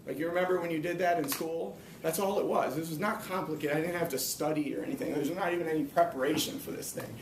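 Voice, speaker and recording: A man giving a personal, earnest motivational talk to a live audience, slowing down to stress his main points. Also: creaky. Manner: earnest, emphatic, slows down to stress key points. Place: hall or room before an audience. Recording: echoey room, speaker far from mic, faint rumble.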